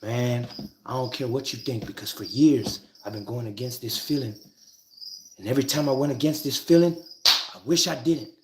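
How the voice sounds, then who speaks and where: A man teaching about spiritual ideas in a casual, rambling monologue, swearing freely, restarting sentences, and getting loud and excited when he makes a point. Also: medium pitch, moderate pace. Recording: echoey, with bird and cricket noise.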